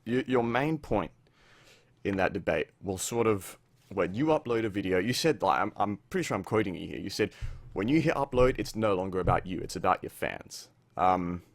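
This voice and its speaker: A young man speaks his mind to the camera in a casual opinion vlog, blunt and candid with plenty of swearing. His voice sits fairly low, broken up by ums and restarts. The sound is dry and close, with no room around it. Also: fairly bright tone, no echo. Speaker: YouTuber addressing another creator.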